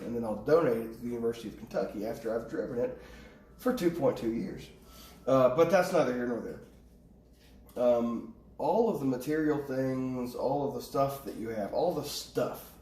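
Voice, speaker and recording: A man's voice: mid-range voice, darkish tone, a little hiss or hum. Rambling man reading tarot in an echoey room. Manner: rambling, goes off on tangents, swears casually. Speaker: tarot reader. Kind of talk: casual tarot reading vlog. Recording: echoey room, distant mic, faint ambience.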